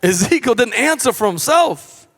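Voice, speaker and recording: A male pastor preaching a sermon in a conversational style, moving between hushed and raised delivery. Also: very high voice, very animated, normal speed, long reverb tail. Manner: conversational asides and restarts.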